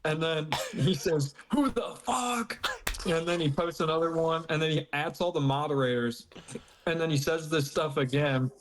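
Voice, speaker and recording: A man's voice: fairly even intonation, moderate pace. A young man co-hosting a podcast, casually recounting a chat-room story and laughing often. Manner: giggly, mimics quoted people in a higher voice. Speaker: podcast co-host.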